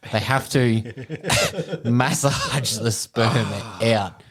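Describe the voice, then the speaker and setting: A man's voice: medium pitch, extremely slow, crowd noise. An Australian man, a podcast co-host, telling a crude story in casual chat and laughing through it.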